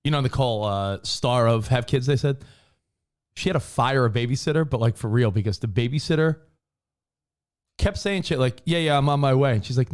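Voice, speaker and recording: A man co-hosting a talk show, chatting casually and acting out quoted people. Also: a little fast. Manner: animated, acts out quoted people with big pitch jumps. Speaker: co-host. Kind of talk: casual radio show banter.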